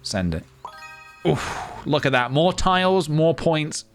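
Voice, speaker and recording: A young man chatting casually to his live-stream viewers as he plays a game, playful and chatty, with sudden excited squeals. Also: fairly high pitch, slow pace. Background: faint game music.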